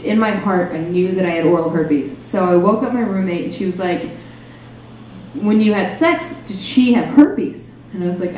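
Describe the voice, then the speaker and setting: Far from the mic in a very echoey small cafe, a young stand-up comedian rambles through a self-deprecating set packed with fillers. Her voice is medium-pitched and mellow, with slight background noise and faint ambience.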